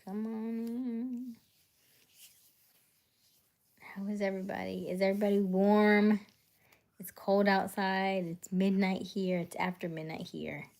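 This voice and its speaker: A woman hosting a casual late-night live stream, greeting viewers by name and often dropping into a soft whisper. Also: medium pitch, level tone, normal speed, creaky. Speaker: livestream host.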